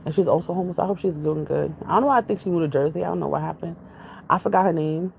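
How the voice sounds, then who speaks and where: A woman's voice: on the low side, racing, creaky, slight background noise, poor audio. A woman vlogger in casual, rambling chat with her viewers, jumping from topic to topic. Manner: jumps from topic to topic, chatty, laughs often.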